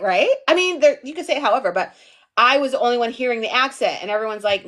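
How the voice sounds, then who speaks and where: A woman's voice: mid-range voice, animated, quick pace, a bit bright. A young woman from the US East Coast teaching a casual livestream lesson, chatty and playful, digressing often and asking "okay?". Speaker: online TV pitching instructor.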